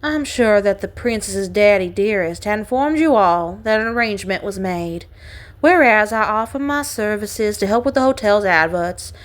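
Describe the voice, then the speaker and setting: A woman's voice: mid-range voice, animated, normal speed, lightly acted. Velvety Cajun demon bat sorceress, languid and purring; woman reader doing the voice. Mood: sultry. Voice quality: smooth, velvety. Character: sultry hellborn bat enchantress woman.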